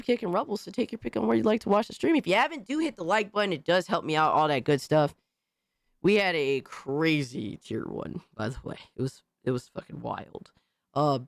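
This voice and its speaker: A man hosting a casual live stream, hoarse from recent illness, talking excitably with lots of swearing as he thanks viewers. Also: sits high, no room sound, studio quality. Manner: excitable, profane, shouting out viewers.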